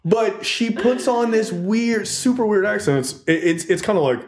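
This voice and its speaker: Animated, profane man in a roomy space. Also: high voice, moderate pace, a crowd in the background. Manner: animated, profane storytelling with frequent "like" and "right?". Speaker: podcast host. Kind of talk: casual chat. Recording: roomy echo.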